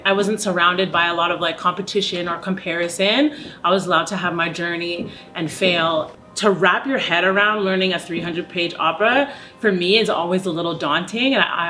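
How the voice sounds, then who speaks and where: A woman's voice: on the low side, fairly bright tone, a little hiss or hum. A young adult woman, an opera singer speaking openly in a documentary interview, with many "like" fillers. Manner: open and reflective, heavy use of "like" as a filler.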